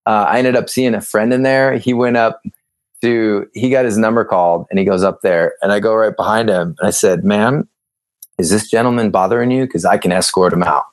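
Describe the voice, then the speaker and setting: A low-pitched man chats as a podcast guest, bouncing into playful stories and mimicking the people in them. He laughs easily and talks in a loose, upbeat way. The sound is dry and close, with no room around it. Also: brisk, no room sound. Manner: animated storyteller, acts out dialogue, laughs often. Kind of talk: casual interview chat.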